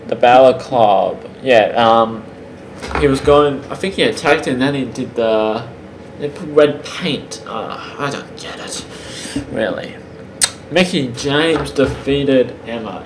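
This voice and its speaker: A man talks through an unscripted review at a mid pitch, stopping often to hunt for words and restarting his sentences. The sound is roomy. A faint hiss sits underneath. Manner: halting, many ums and restarts. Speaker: channel host reviewing wrestling.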